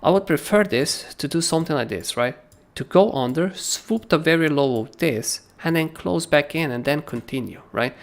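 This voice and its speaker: A man hosting a crypto trading livestream, talking through charts in a casual, animated way and often asking "right?". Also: on the high side, normal speed, gravelly, few pauses.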